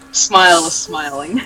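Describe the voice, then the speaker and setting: A woman's voice: on the low side, bright, forceful tone, slight background noise, rough recording. A young woman mockingly reading fanfiction aloud, giggling and adding sarcastic asides. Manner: reads slowly, breaks into giggles and sarcastic asides. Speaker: reader.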